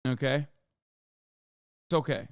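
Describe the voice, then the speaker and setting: Ranting streamer man, smooth dry voice. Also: mid-range voice, slow, no echo. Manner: exasperated, ranting, swears a lot. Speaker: streamer reacting to a video. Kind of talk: casual livestream reaction.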